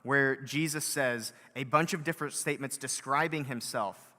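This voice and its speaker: A male pastor gives a sermon in a loose, conversational way, dotted with fillers and rising into emphatic stretches. His voice is bright and forceful. The sound carries a long hall reverb. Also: mid-range voice, moderate pace. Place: church hall.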